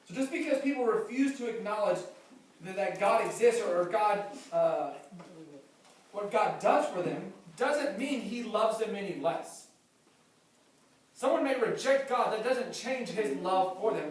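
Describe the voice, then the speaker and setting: High-voiced preacher in an echoey hall. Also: male voice, measured pace. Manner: animated, acts out quotes with humor. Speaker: pastor. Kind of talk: sermon. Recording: distant mic, very echoey hall, faint noise.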